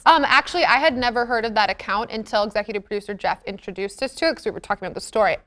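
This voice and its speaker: A woman's voice: fairly high pitch, rapid-fire, fairly bright tone. A woman co-hosting a morning TV show, bubbly and giggly in casual studio chat.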